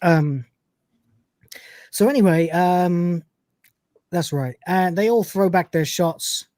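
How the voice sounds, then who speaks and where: A man's voice: sits high, slow, a little mellow, no echo. A man hosting a live show, chatting casually and animatedly as he retells scenes and quotes the characters. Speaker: podcast host. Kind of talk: casual chat recapping an episode.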